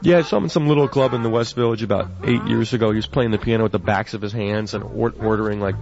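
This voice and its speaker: A man's voice: on the low side, quick pace, creaky. A man hosting a radio show, chatting casually and reading odd news items with a wry, offhand manner, on a dull lo-fi broadcast. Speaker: radio DJ host.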